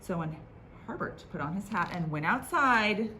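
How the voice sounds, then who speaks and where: A woman librarian reading picture books aloud at a children's storytime, in an expressive, sing-song manner. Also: on the low side, moderate pace, a little hiss or hum.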